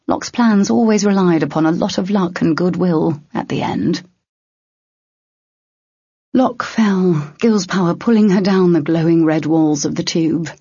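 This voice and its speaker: An audiobook narrator reading fantasy in a steady, measured way, with a husky tone at a mid pitch. The recording is dry and close, slightly dull and lo-fi. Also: no room sound. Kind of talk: scripted narration.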